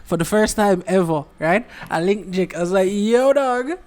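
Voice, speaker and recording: A man's voice: sits high, fairly even intonation. A man with a Jamaican accent hosting a podcast in casual, joking chat. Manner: joking, chatty, quick laughs. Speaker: podcast host.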